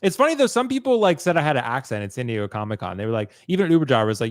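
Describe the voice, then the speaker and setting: A man's voice: mid-range voice, sing-song, racing, no echo, studio quality. Maryland guy hosting a chill stream, cussing a lot, voice goes all up and down. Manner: laid-back, swears freely, laughs often. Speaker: livestream host. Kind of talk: casual livestream chat.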